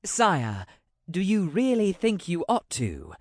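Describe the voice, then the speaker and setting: A man's voice: sits high, wildly swooping pitch, slow, no room sound, clean studio sound, voice pushed up, full character voice. A man voicing a worried, formal royal aide in an audiobook, speaking deferentially to his king. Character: fussy anxious male royal aide.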